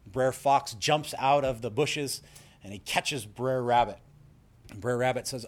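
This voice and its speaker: A man's voice: medium pitch, fairly even intonation, unhurried. A man preaching a sermon in an earnest, emphatic way, explaining scripture and telling stories. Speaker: pastor.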